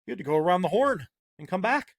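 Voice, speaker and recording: A man's voice: high-pitched, sing-song, fast talker, dry recording, clean studio sound. A man hosting a podcast, delivering a heated, sarcastic opinion monologue with punchy repetition. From Massachusetts. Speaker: podcast host.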